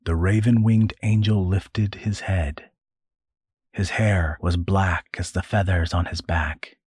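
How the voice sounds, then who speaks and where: A man reading a dark fantasy story as narrator, in a slow, measured way. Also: low voice, fairly even intonation, husky, no room sound, studio quality. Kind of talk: scripted narration.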